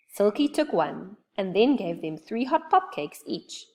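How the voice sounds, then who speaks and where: A woman reading a children's storybook aloud with expressive, lively storytelling. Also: mid-range voice, unhurried.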